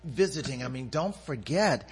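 A man's voice: medium pitch, animated, normal speed, breathy edge. A man chatting as a guest on a radio music show, laid-back, agreeable and easygoing. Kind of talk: relaxed radio chat.

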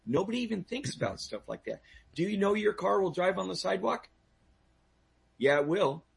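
A gravelly, husky-voiced man, somewhat high for a man, lectures a talk show audience on personal safety. He talks emphatically, stumbles into restarts, and keeps firing questions at the listeners. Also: animated, moderate pace. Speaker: personal safety instructor, guest.

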